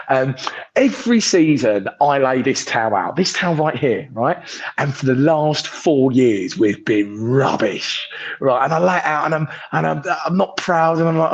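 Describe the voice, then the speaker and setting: A young man chatting casually as a podcast guest on a video call, telling stories excitedly and acting out the voices of the people in them. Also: a little high. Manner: excitable storyteller, acts out voices. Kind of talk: casual chat. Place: holiday resort, on a sunbed. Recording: dull lo-fi call audio.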